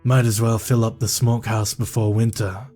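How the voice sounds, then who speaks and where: Scottish hunter husband, as a guy reading a spooky story puts him on, low calm voice, reassuring. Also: normal speed, faint music behind, natural voice. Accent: attempted Scottish. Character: steady rural husband, a hunter.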